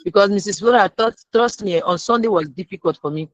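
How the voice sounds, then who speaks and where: A speaker, sharing a personal lesson as a guest and retelling it lively, acting out the people in the story. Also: mid-range voice, brisk, dry recording. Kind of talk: storytelling testimony.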